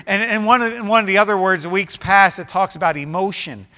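Man, pastor, high voice, fervent sermon, repeats his phrases, church sanctuary. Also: brisk, few pauses, bright, forceful tone, long reverb tail. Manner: rising to fervent, emphatic preaching with repeated phrases.

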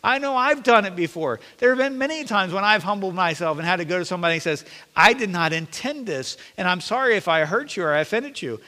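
A man's voice: sits high, animated, fast, few pauses, pushed and bright. A male pastor preaching a sermon in a church, earnest and plain-spoken with light self-deprecating jokes. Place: church sanctuary. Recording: long reverb of a church sanctuary.

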